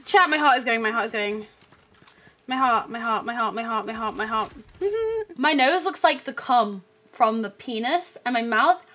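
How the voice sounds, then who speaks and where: A woman's voice: fairly high pitch, fairly bright tone. A young woman game streamer chatting casually to her viewers, giggly, swearing a lot and repeating herself.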